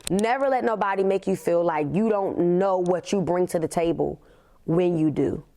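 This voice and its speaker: A woman, hosting a podcast and telling a personal story in an emphatic way, often leaning on "literally" and slowing down on key words. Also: on the low side, warm tone. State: tearful. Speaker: podcast host.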